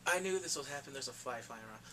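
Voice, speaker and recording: A man giving a casual, excitable recap of a TV episode, talking in slang and acting out characters in quick asides. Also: mid-range voice, a little hiss or hum. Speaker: TV recap vlogger.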